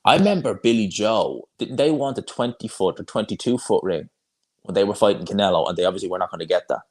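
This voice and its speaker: A man's voice: lowish voice, lively intonation, quick pace, darkish tone, slightly rough. A young man hosting a live boxing watch-along, chatting casually and rambling through viewer comments with frequent restarts.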